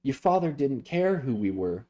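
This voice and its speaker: A man voicing a pleading young woman mage, pitching his voice up for her urgent cries. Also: sing-song, moderate pace, warm tone.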